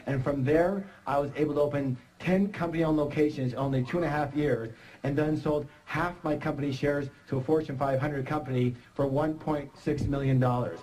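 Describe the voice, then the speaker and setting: A middle-aged man giving an energetic motivational seminar talk, joking and quizzing the audience. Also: a little high, a little fast, rough recording. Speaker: seminar speaker.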